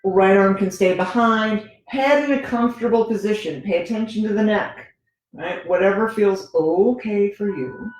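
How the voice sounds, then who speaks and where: Gentle woman guiding yoga in an echoey room. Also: medium pitch, moderate pace. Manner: gentle, conversational, often adds "right?". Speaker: yoga teacher. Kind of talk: guided yoga instruction. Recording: very echoey room with faint music.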